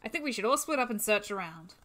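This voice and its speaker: A woman's voice: medium pitch, animated, fast, fairly bright tone, natural voice. A woman voicing a level-headed young male biker who talks firmly and matter-of-factly. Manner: firm and matter-of-fact. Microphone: new microphone.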